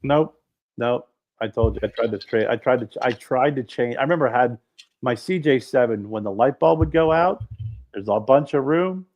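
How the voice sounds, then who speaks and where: A man co-hosting a podcast, telling stories in a casual chat, animated and swearing freely. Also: medium pitch, moderate pace. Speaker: podcast co-host. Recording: dull lo-fi sound.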